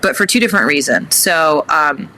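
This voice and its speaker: A woman guest talking casually about breathwork in an interview, animated and emphatic. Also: normal speed, slight background noise. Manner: animated, rising pitch on emphasis.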